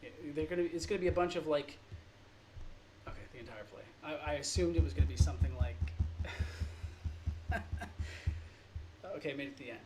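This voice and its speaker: Male art teacher, slightly high voice, earnest and rambling, gets emotional; faint background noise. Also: brisk, long pauses. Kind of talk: informal drawing lesson monologue.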